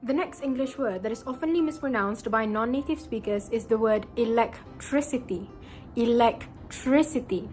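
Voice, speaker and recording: A woman's voice: on the high side, a little fast, hardly any pauses, loud music behind the voice, low-quality recording. A young woman reading a prepared pronunciation lesson aloud and stretching out the example words. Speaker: student presenter.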